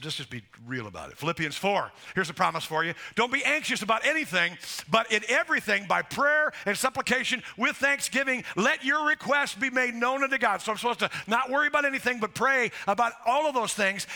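Speaking in a very high voice with vocal fry, a man preaches as pastor, urging the congregation directly and citing scripture. The recording, made in a church sanctuary, has soft band music under his voice.

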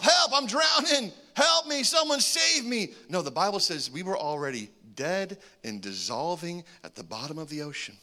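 A man preaching a sermon, animated, with joking asides and swings between loud calls and hushed remarks. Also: medium pitch. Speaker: pastor.

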